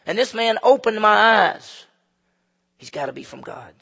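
A man's voice: a little high, fast, gravelly, fairly bright tone, breathy edge, long reverb tail, heavily acted. A man preaching, voicing a formerly blind beggar who is plainspoken and mocking, with emphatic, needling questions.

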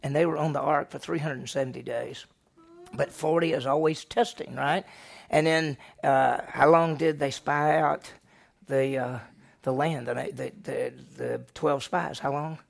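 Man, pastor, Bible lesson, gravelly voice, a little high, animated storytelling, quizzes the class. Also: measured pace. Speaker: senior pastor.

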